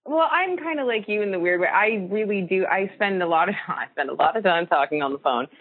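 A woman's voice: mid-range voice, lively intonation, brisk. Rambling woman on a phone call. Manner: rambling, loose, many fillers like "like". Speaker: co-host. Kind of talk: casual chat. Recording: tinny phone line.

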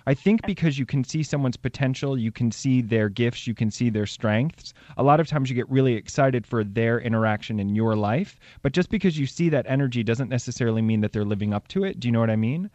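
A man's voice: medium pitch, brisk, few pauses, darkish tone, dry recording, muffled recording. A man hosting a call-in radio show and giving psychic readings, chatty and upbeat, laughing easily. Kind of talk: casual call-in radio talk.

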